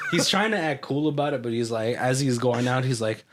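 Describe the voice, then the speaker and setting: A man's voice: medium pitch, expressive, normal speed, noisy background. A man casually recapping a movie on a podcast, rambling with filler words, laughing and acting out lines of dialogue. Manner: rambling, laughing, acts out quotes. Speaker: podcast co-host.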